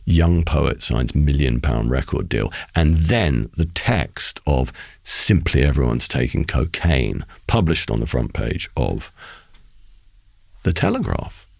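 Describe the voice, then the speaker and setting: Middle-aged male poet, studio interview guest, deep gravelly voice, dry close mic, animated theatrical storyteller. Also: slow, no room sound. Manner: animated storyteller with theatrical flair, acting out voices, frequent restarts. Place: recording studio.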